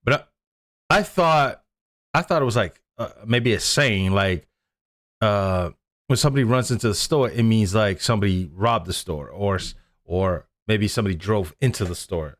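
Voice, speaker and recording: Animated American man hosting. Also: fairly low pitch, normal speed. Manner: animated, repeats himself. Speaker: host. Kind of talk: casual reaction chat.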